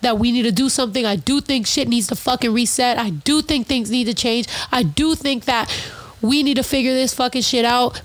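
A woman's voice: a little high, brisk, no room sound. A woman hosting a podcast, upset after crying, ranting bluntly with heavy swearing. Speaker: podcast host. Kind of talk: emotional podcast rant.

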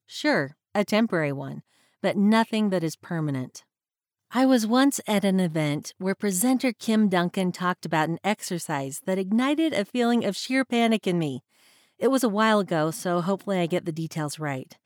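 A woman hosting a reflective faith-based podcast, speaking in a measured, earnest way and slowing down to read scripture. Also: medium pitch, expressive, no room sound, studio quality. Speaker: podcast host.

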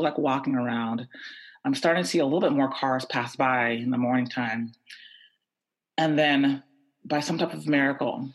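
A man from the United States telling a tense personal story with animated, repetitive buildup. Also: mid-range voice.

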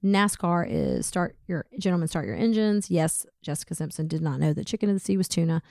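A woman's voice: fairly low pitch, sing-song, a little fast, mellow, no room sound, studio quality. A woman co-hosting a talk show, upbeat and bubbly as she runs a trivia game. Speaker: co-host. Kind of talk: casual chat.

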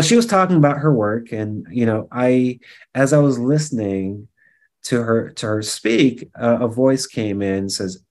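A man's voice: on the low side, darkish tone. A man speaking as an interview guest, telling a personal story in a casual way, with many fillers and restarts.

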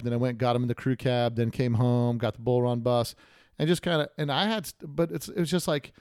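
A man co-hosts a relaxed podcast chat at an ordinary middle pitch. He tells stories and animates them by jumping up to act out the people he quotes. The sound is dry and close, with no room echo. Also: brisk, clean tone. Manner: animated storyteller, acts out quoted people in a raised voice. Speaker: podcast host. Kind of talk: casual chat.

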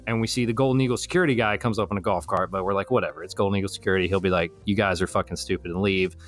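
A young man casually telling a long story to friends, rambling and animated as he acts out what his friends said. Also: deep voice, very fast. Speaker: storyteller in a truth-or-lie game. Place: Florida.

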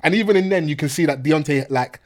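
A young man, co-hosting a podcast in slangy, animated casual chat and laughing often. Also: a little high, fast. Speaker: podcast co-host.

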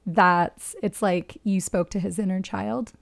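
A woman's voice: medium pitch, steady tone, unhurried, creaky, dry recording, clean studio sound. A woman hosting a casual conversation, reflective and affirming, often restarting her sentences and laughing easily. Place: her own home.

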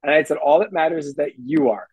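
A man's voice: a little high, darkish tone, slightly rough, no room sound, poor audio. A man co-hosting a podcast in casual chat, protesting and laying out his points one by one. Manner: protesting, deliberate, lists points. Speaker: podcast co-host.

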